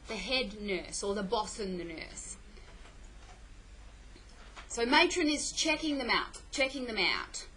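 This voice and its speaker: A woman's voice: medium pitch, expressive, slow, pauses often, bright, forceful tone, slight background noise, rough recording. A middle-aged woman teaching a play in a classroom, explaining patiently and often checking "okay?" with her students. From Australia. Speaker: English teacher.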